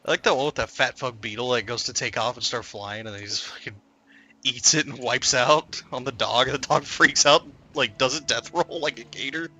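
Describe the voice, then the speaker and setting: A man's voice: mid-range voice, a little fast, sharp tone. A man chatting casually and rambling while playing a game, swearing often and filling his talk with "like" and "um". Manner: rambling, profane, lots of fillers. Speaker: gaming streamer. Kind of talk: casual chat while gaming.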